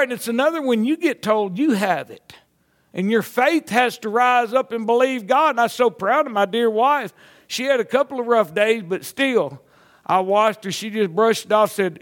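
A man's voice: very high-pitched, normal speed, a bit bright. A middle-aged man, a pastor preaching a sermon with folksy stories that build to fervent exhortation. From Mississippi.

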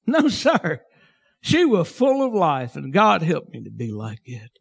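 A man preaching a sermon as pastor, fervent and folksy, swinging from shouts to hushed tones. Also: fairly high pitch, wildly swooping pitch, normal speed, creaky, slightly rough.

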